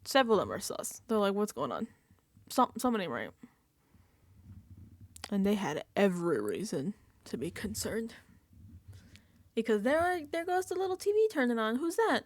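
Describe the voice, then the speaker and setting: A woman's voice: fairly high pitch, sing-song, normal speed, long pauses. A woman recapping a reality TV episode in a casual reaction vlog, sarcastic and exasperated, swearing freely.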